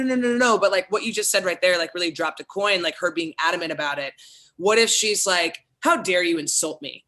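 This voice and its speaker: A woman with a bright, clear voice thinks aloud in an animated way during a seminar discussion. She fills her talk with casual fillers, and she's on a video call. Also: fairly low pitch. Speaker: actor in a play-reading seminar.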